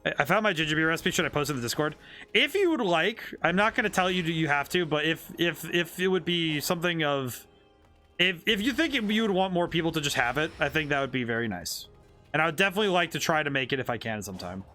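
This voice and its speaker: Animated, bright-voiced male game streamer. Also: fairly high pitch, fast, soft background music. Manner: rambling, playful, thinking aloud with restarts. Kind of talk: casual live-stream commentary while playing.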